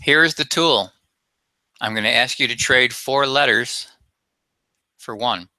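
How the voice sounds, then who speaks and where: A man's voice: mid-range voice, slow pace, pushed and bright, no room sound. A man presenting a self-help webinar as a coach, talking emphatically and asking rhetorical questions.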